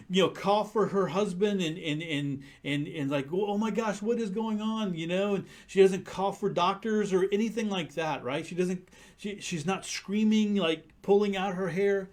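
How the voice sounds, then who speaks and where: Earnest man preaching a sermon. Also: sits high. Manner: earnest, conversational preaching with frequent restarts. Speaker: pastor.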